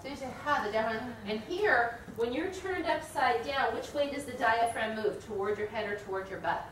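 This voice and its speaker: A woman's voice: on the high side, moderate pace, a bit bright. A woman teaching a yoga training class, talking the group through breathing and asking them questions. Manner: conversational, asks the class questions. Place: studio room with a group. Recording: echoey room, distant mic, noisy.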